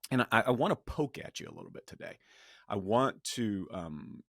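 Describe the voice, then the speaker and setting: A man's voice: on the low side, wildly swooping pitch, normal speed, gravelly, no echo, studio quality. A middle-aged man hosting a podcast, telling a personal story and reflecting in a loose, conversational way with frequent restarts. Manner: conversational, with many restarts and a quoted yell. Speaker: podcast host.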